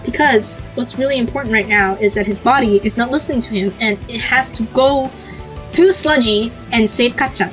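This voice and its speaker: A woman hosts a casual fan podcast, gushing over comic panels with eager asides and plenty of fillers. Her voice sits a little high, and now and then she reads a short line in Japanese. Faint music plays quietly behind her. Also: poor audio. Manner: gushing, animated, quick asides with many fillers. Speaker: podcast host. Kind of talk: excited casual commentary on a comic.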